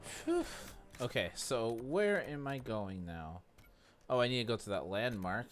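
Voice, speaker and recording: A man's voice: mid-range voice, lively intonation, faint music behind. A man giving casual commentary while playing a video game, talking to himself and his chat. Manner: chatty, talks to himself and chat, quick reactions. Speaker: let's play streamer.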